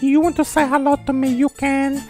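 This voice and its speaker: Comedy bit: a man putting on a high-voiced, gushing Greek cleaning lady, middle-aged and flirty, faint music underneath. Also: little pitch movement, a little fast, a little mellow. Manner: gushing, flirtatious, calls everyone darling. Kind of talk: comedy character message.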